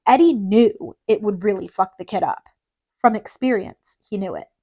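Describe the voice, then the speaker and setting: A woman reading an audiobook in a steady, measured narration. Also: mid-range voice.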